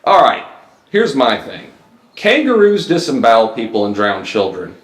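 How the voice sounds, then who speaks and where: A man hosting a podcast, telling stories in a deadpan, mock-grandiose way in casual comedic chat. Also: medium pitch, moderate pace. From Mississippi, US. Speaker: podcast host. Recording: echoey room.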